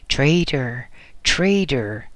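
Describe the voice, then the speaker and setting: A man's voice: medium pitch, animated, extremely slow, no echo. A man voicing an ancient, frail hermit who speaks mildly in a dry, cracked voice. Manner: mild. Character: ancient frail male hermit, mild and wise.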